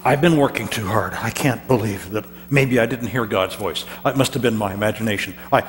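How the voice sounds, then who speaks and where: Brisk and barely pausing, a pastor with a fairly low-pitched voice preaches a sermon in character, in the first person, narrating in a dramatic, chatty style marked by stammered repetitions. It is captured in a church hall with reverb and a faint hum.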